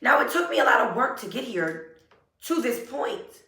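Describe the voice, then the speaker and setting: A woman giving an earnest, emotional motivational talk, repeating affirmations slowly. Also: on the high side, big pitch swings, bright, forceful tone. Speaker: self-help vlogger. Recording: roomy echo, a bit far from mic.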